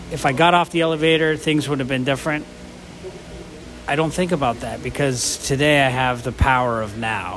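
A man co-hosting a casual podcast about sobriety, speaking in an earnest, grateful way with frequent restarts. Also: medium pitch. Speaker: podcast co-host. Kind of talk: casual recovery podcast chat.

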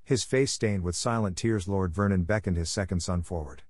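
Male narrator for fantasy audiobook; deep, measured, dry close sound. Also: darkish tone, slightly rough, dry recording.

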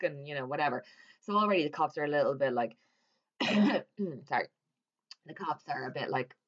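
A woman's voice: low voice, brisk, highs cut off. A woman casually recapping a horror film plot, chatty and swearing freely as she acts out the characters' lines. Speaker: movie recapper.

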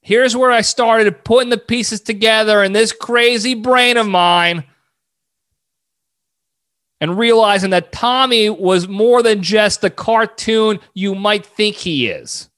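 A man hosting a solo podcast who rambles in an animated way, often cutting himself off mid-thought. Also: high voice, slow. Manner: rambling, animated, self-interrupting. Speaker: podcast host.

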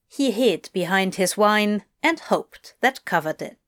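A woman narrating fiction in an audiobook, reading in a measured, expressive way. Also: medium pitch.

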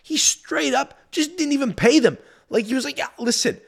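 A man's voice: very high voice, moderate pace, vocal fry. Profane, rambling male podcast host. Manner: profane, rambling, stammering restarts. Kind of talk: casual rant.

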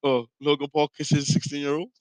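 A young man from Ireland co-hosting a casual podcast chat, with loose slangy banter and quick laughs. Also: a little high, level tone, a little mellow, no echo, low-quality recording. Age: young adult. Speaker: podcast co-host.

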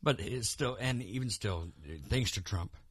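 Speaking a little slowly in a mid-range, slightly rough voice, a man co-hosts a podcast of casual political chat. His talk about the news rambles, with many restarts and repeated words, and the clean studio recording has no echo.

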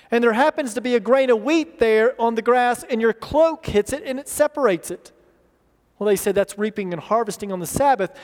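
A man preaching a sermon as pastor, earnest, acting out the voices he quotes and doubling words when he presses a point. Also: extremely high pitch. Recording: long reverb of a large hall.

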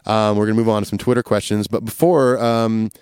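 A man with a lowish, smooth, resonant voice hosts a podcast and works through listener questions. He talks in an easygoing, rambling way, with plenty of "um"s and restarts. The sound is dry and close. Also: flat delivery, brisk, a little mellow, no echo. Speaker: podcast host. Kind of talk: casual chat answering listener questions.

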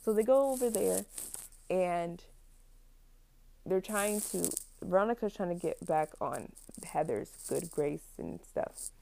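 A woman's voice: on the low side, animated, takes it slowly, vocal fry, warm tone, slight background noise. A young woman casually retelling a film plot, rambling with many fillers and frequent laughs.

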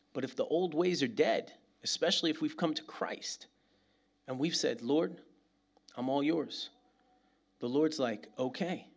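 Middle-aged guy from nyc preaching, chatty and animated, slangy asides, voice sits a bit high. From New York City. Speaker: pastor. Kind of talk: sermon.

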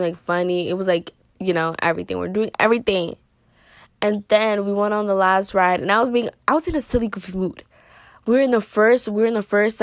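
A woman's voice: mid-range voice, no echo, studio quality. Rambling teen girl telling a story. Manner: rambling, heavy use of "like" and "you know"; playfully dramatic and joking. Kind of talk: casual storytime monologue.

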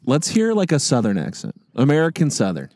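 A man's voice: mid-range voice, wildly swooping pitch, brisk, darkish tone, dry recording. A man from Wisconsin co-hosting a podcast, playful and teasing in casual chat. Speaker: podcast co-host.

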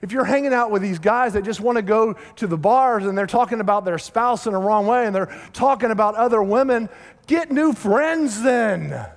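Emphatic pastor with a high voice. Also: male voice, normal speed. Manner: emphatic, acts out quoted voices. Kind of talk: sermon. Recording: long hall reverb.

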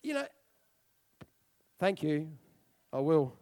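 A man preaching a sermon in a loud, excitable and emphatic way. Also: a little high, slow pace.

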